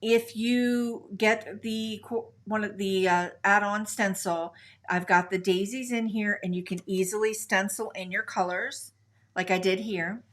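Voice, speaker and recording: A woman's voice: mid-range voice, fairly even intonation, a little slow. Middle-aged American woman hosting a live craft stream, friendly running commentary while she works. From United States. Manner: chatty, talks to viewers while coloring. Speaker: craft tutorial host.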